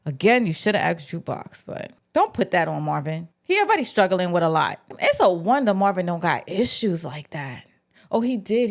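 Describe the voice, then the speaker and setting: A woman hosting a casual TV episode recap, talking in an animated, slangy way with big jumps in pitch. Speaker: TV recap vlogger host.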